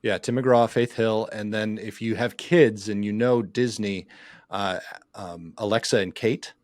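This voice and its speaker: Guy co-hosting a podcast over a call, kinda low voice, dry sound, rambles a bit. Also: fairly even intonation, unhurried, dry recording. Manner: rambling, talks over others. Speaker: podcast co-host. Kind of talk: casual chat. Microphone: video call.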